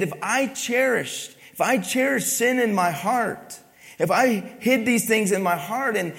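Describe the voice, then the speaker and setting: A man preaching a sermon, asking the congregation questions and pressing his points with emphasis. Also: sits high. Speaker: pastor. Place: church. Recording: long reverb of a church hall.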